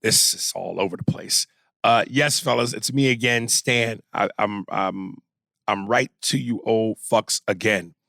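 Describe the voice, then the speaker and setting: A man's voice: on the low side, measured pace, vocal fry, pushed and bright, no echo, studio quality. A man co-hosting a comedy podcast, joking and cursing as he reads listener emails aloud. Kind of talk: casual comedic podcast chat.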